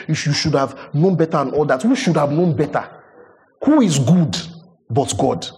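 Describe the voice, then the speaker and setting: A middle-aged man preaching a sermon, emphatic, swinging from loud rhetorical questions to low, quiet asides. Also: in a large hall.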